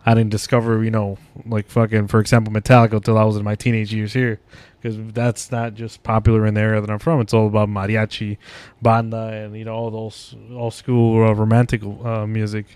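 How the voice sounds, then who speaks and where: Casual young man, smooth dry podcast voice. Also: on the low side, monotone, brisk, darkish tone, no echo. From Mexico. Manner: swears a lot, laughs often. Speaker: podcast host. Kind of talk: casual chat.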